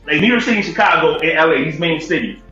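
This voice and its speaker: A man's voice: a little high, animated, fast, sharp tone. A man from Connecticut arguing his point in a casual panel debate, insistent and repeatedly cutting in to be heard. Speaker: panel speaker. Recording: echoey, dull audio-room call with faint music.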